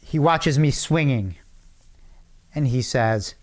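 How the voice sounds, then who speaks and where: A middle-aged man giving a commencement speech, telling a personal story with dramatic pauses and acted-out shouts. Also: mid-range voice, expressive. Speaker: commencement speaker.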